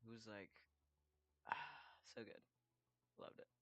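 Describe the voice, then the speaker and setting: A man's voice: fairly low pitch, flat delivery, measured pace, pushed and bright, no room sound. A man chatting casually while he draws commissions, rambling and swearing freely. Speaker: artist drawing commissions. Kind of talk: casual chat while drawing.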